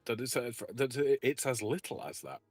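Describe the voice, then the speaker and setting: Wry, stammering man in casual chat, animated delivery, faint music behind. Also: medium pitch, fairly quick, dry recording. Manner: stammers on starts, wry and dry. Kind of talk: casual chat on a live stream.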